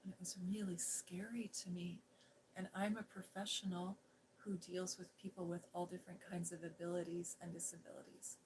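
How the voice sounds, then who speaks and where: Soft-spoken woman telling a story, half-whispered. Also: on the low side, flat delivery, moderate pace, a little hiss or hum, poor audio. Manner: gentle, hushed, drifting into whispers. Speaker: ASMR host.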